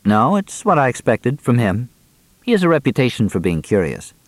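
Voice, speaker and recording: Cagey young guy, dry polite answers, narrator doing him, lots of pitch movement. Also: very animated, moderate pace, no echo. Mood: guarded. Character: young man, guarded and dryly polite.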